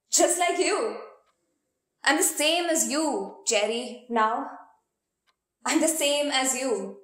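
A young woman plays a distraught woman who speaks slowly and bitterly. Her voice is high. The sound is echoey, as if from a stage. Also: a bit bright, full character voice. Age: young adult. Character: distraught woman with nothing left. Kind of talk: student stage drama.

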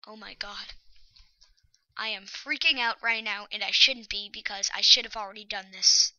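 A woman giving excitable, anxious gameplay commentary, often dropping to a whisper. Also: mid-range voice, normal speed, no room sound, highs cut off. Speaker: let's play host.

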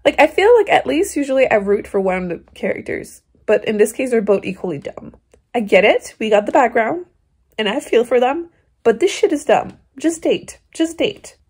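A woman's voice: fairly high pitch, big pitch swings, brisk, a little mellow, slightly rough. A young woman vlogging at home, bluntly ranting about a book and cooing at her kittens. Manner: cooing baby talk to kittens. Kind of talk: casual vlog chat.

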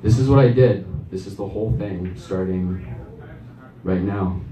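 Low-voiced male comic, rambling and self-deprecating, heard from a distance in an echoey club. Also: unhurried, dark tone. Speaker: stand-up comedian. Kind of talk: open mic stand-up set. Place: small comedy club stage. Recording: echoey club, mic far off.

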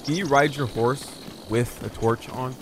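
A man's voice: mid-range voice, unhurried, over music. A man giving let's play commentary as he plays, exasperated, swearing often and muttering to himself. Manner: pleads and repeats words under his breath. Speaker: gaming channel host.

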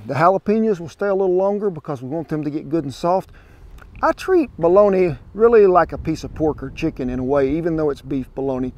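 A man's voice: fairly high pitch, darkish tone, slight background noise. A man with a Southern American accent hosting an outdoor cooking show, chatting in a homespun way to the folks watching. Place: outdoors at a smoker grill. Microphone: wireless clip-on mic.

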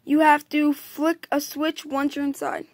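A woman voicing a bossy female spider hacker, reading the lines aloud haltingly with restarts, in a high voice. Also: level tone, no echo, clean studio sound. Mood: explaining, bossy.

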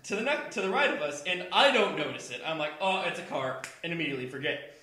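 A young man from the Kansas City area, a podcast host telling a profane, animated story in casual chat. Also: a little high, quick pace. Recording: echoey room with crowd noise.

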